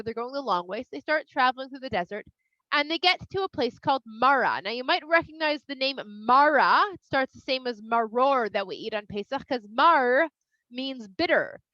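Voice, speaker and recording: A woman from Toronto, telling a kids' story in an animated, expressive way with playful asides. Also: sits high, dry recording. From Toronto, Canada. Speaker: children's Bible storyteller. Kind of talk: storytelling for kids. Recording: slightly dull, dry sound.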